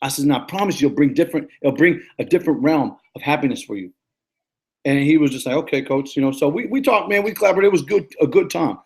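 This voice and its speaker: A man in his thirties, a life coach giving a casual, energetic motivational talk that repeats its points and often stumbles and restarts. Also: fairly high pitch, quick pace. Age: 30s. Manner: energetic, repetitive, preachy pep talk.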